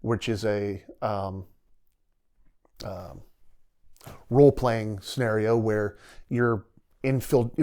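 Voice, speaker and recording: A man's voice: on the low side, warm tone. A middle-aged man, a podcast guest and retired soldier, telling stories in a rambling, vivid way and often quoting his own thoughts aloud. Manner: rambling, vivid retelling with quoted inner dialogue. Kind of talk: casual storytelling interview.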